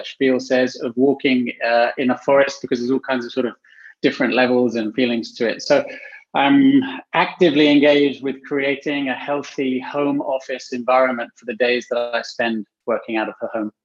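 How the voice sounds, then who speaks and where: A man's voice: mid-range voice, flat delivery, normal speed. A man talks from his home office over a video call. He speaks thoughtfully and restarts his sentences now and then. The audio sounds muffled. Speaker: panel guest, healthy workplace specialist. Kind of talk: casual panel talk.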